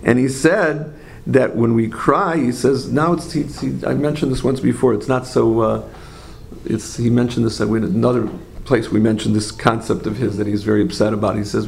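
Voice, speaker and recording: A man gives a religious class in a gravelly, mid-pitched voice, telling stories with animated rhetorical questions. He breaks off and corrects himself often and turns to his listeners with asides. A faint background hum runs underneath. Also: normal speed. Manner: frequent self-corrections and trailing phrases. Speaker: Torah teacher. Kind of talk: religious class lecture with storytelling.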